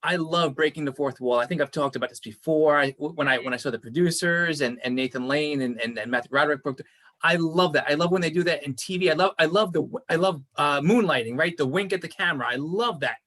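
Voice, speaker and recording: A man co-hosts a casual review podcast, his voice bright and a little high. He rambles, restarting and repeating words as he gathers his thoughts. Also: fast. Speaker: podcast co-host reviewing a series. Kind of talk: casual chat.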